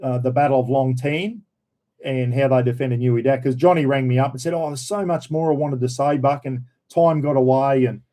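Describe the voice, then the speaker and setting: Laid-back Australian man, mellow tone. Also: medium pitch, fairly even intonation, moderate pace. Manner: laid-back, chatty, reads viewer comments aloud. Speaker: host of a live chat stream. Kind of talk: casual live-stream chat reading comments.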